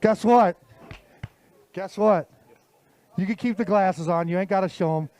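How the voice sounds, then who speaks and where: A man emceeing a live fishing tournament weigh-in outdoors on a handheld mic, hyping the crowd and stretching out shouted weight totals. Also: high-pitched. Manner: hype announcer, drawn-out shouted totals. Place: outdoor lakeside weigh-in stage.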